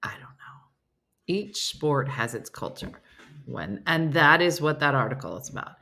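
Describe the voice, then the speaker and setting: A woman's voice: low voice, animated, normal speed, vocal fry, sharp tone. A woman hosting a casual live-stream chat, reading viewer comments aloud and answering them. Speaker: host.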